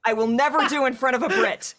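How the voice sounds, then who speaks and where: A woman's voice: sits high, quick pace, a bit bright. A woman from Texas, chatting casually and trailing off with fillers. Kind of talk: casual chat.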